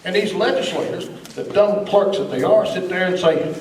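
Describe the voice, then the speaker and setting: A man with a fairly high voice speaks at a political meeting, emphatic and scornful in tone. He is picked up from across an echoey room with faint background noise. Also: moderate pace, few pauses, a little mellow. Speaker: guest speaker. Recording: echoey room, recorded from a distance.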